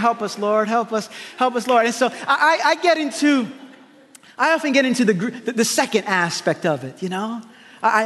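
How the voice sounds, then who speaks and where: A man preaching a sermon to a congregation, emphatic and repetitive, with quick asides to the crowd. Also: high-pitched, fairly bright tone, long reverb tail. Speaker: pastor. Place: large church hall with congregation.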